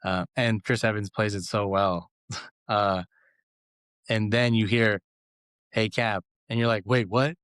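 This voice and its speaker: A man's voice: fairly low pitch, fairly even intonation, takes it slowly, long pauses, fairly bright tone, smooth, dry recording, clean studio sound. A man co-hosting a casual podcast chat, telling stories animatedly and acting out quotes with laughs. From Los Angeles. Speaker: guest cohost.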